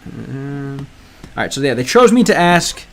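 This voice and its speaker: His mid-range voice is sing-song, gravelly and fairly bright, and he takes things a little slowly. He's a livestreamer learning Spanish through a game, translating aloud and chatting with viewers in a rambling, hesitant manner, with plenty of ums and restarts.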